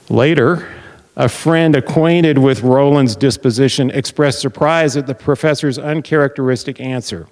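A man's voice: mid-range voice, fairly even intonation, a little mellow. Preacher man in a reverberant hall. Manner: deliberate, explanatory, poses questions to listeners. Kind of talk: Bible teaching sermon. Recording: long reverb of a large hall.

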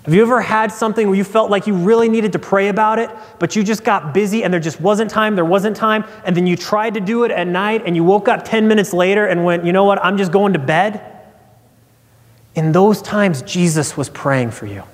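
A man in his thirties preaching a sermon, telling a personal story and acting out quoted voices, dropping low for emphasis. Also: a little fast, hardly any pauses. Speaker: pastor. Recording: long hall reverb.

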